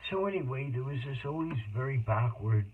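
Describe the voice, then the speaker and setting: A man telling a personal story in a rambling, emotional monologue with sudden loud outbursts. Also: mid-range voice, expressive, fairly quick. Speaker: autobiographical storyteller. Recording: tinny phone-like noisy recording.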